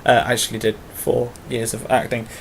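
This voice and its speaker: A man's voice: mid-range voice, little pitch movement, fairly quick, gravelly, a little hiss or hum. A British man talking casually to camera in a tag video, long-winded and full of fillers, with self-mocking asides. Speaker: vlogger.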